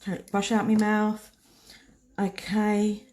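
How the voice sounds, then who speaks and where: A woman's voice: mid-range voice, completely flat delivery, slow, darkish tone, slight background noise. A woman giving a chatty, casual nail art tutorial, talking herself through each step as she paints. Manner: chatty, talks to herself while working.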